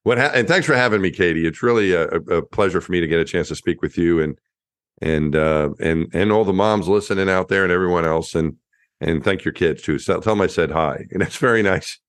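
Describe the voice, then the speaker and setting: Deep-voiced man telling a story. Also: brisk, dry recording. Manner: lively anecdotal storyteller with frequent restarts. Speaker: astronaut guest. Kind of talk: storytelling interview.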